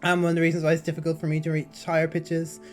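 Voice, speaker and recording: A woman chats on her stream in a slightly nasal voice, roughened a little by a sore throat. She rambles and restarts, moving between small talk and reading aloud. Faint music plays under her basic mic. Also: deep voice, monotone, racing. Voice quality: somewhat nasal. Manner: chatty and rambling, with lots of fillers and restarts. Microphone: basic mic, no headset.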